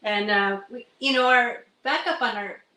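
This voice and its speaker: A woman's voice: on the high side, normal speed, bright, forceful tone, roomy sound, rough recording. A middle-aged woman from Canada, a musician guest chatting casually and rambling with many fillers. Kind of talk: casual livestream chat.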